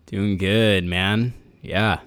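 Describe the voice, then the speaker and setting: A man co-hosting a casual sports podcast, relaxed and laid-back, chuckling now and then, on a remote call microphone. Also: fairly low pitch, extremely slow, clear, resonant tone, no echo. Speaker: podcast co-host.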